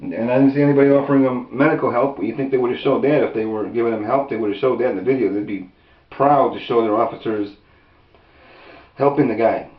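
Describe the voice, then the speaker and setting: A man's voice: fairly even intonation, fast. Indignant man ranting in a roomy room. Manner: indignant, rambling, with restarts and raised pitch when quoting. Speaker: video commentator. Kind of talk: angry unscripted commentary. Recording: roomy, distant, dull lo-fi sound.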